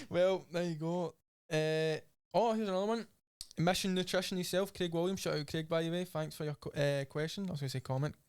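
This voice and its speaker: A man's voice: a little high, fairly quick, few pauses, clear, resonant tone, no room sound. A man with a Scottish accent hosting a podcast, reading listener questions in an easygoing, laughing way. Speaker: podcast host. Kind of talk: casual podcast chat. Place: podcast studio.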